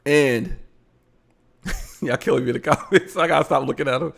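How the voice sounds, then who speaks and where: A man's voice: mid-range voice, normal speed, creaky. A man hosting a live show, giving blunt, casual commentary on a video he is watching. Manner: animated, blunt, frequent laughing asides.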